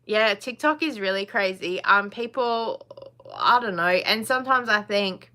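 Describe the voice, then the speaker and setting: A woman's voice: mid-range voice, a little slow, sharp tone. A woman, hosting a casual live chat, chatty and blunt, laughing often. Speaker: live stream host.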